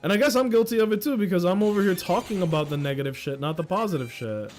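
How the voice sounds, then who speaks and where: A young man from New York ranting casually on a livestream in a slangy, animated way. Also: high-pitched, quick pace, faint music behind. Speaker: streamer.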